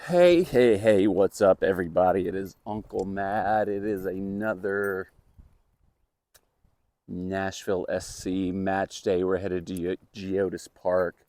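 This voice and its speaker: A man's voice: low voice, slow, warm tone, no room sound. A man hosting a casual match-day vlog outdoors, talking in a rambling way with lots of "like" fillers. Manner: chatty, rambling with frequent "like" fillers. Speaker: vlogger host. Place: outdoors around town.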